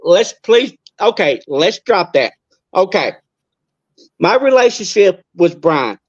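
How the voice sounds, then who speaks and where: A man, a guest who talks fast and stays insistent but polite in a heated online debate. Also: high-pitched, sing-song, slightly rough, no echo, dull audio.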